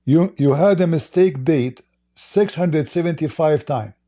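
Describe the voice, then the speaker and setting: A man's voice: on the high side, unhurried, mellow. A man with an Arabic accent hosting live-stream debate commentary, emphatic and full of rhetorical questions to his audience. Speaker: Christian apologist host.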